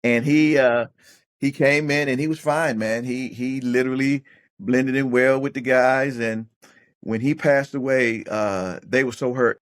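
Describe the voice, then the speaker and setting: At a slightly slow pace and medium pitch, a middle-aged man who went from football player to coach tells personal stories on a podcast. The interview is casual; he acts out other people's voices with animation and often stops to repeat or restart words while thinking.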